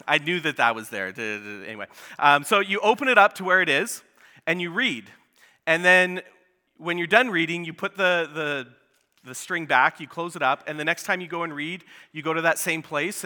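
A man's voice: on the high side, sharp tone. A man giving a sermon as a pastor, speaking casually and conversationally with many fillers. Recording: long hall reverb.

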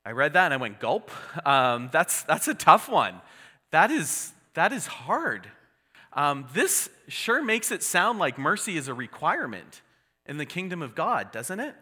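Man, pastor, sermon, bright forceful tone, slightly higher voice, earnest conversational delivery, long hall reverb. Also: sing-song, normal speed. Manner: conversational, earnest, with restarts and asides.

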